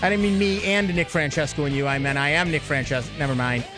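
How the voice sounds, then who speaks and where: A man's voice: fairly high pitch, fast, music in the background. A man hosting a radio talk show, chatty and joking with his co-hosts. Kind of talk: casual radio banter.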